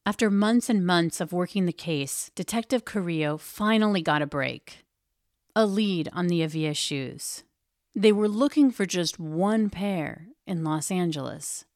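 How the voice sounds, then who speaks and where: A woman with a somewhat low voice reads a scripted true-crime narration, steady and grave. Her voice is close and dry, with no room sound around it. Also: measured pace, dry recording. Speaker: podcast narrator.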